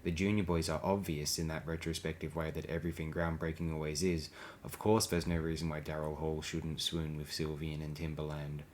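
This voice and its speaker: Deep-voiced man reading sardonic blog posts. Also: little pitch movement, a little fast, slight background noise. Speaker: audiobook reader.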